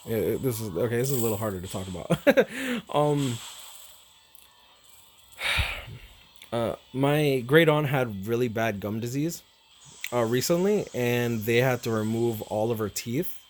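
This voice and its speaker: A young man talking casually to his viewers, rambling and repeating himself, swearing freely, halting and emotional. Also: medium pitch, slight background noise. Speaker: streamer.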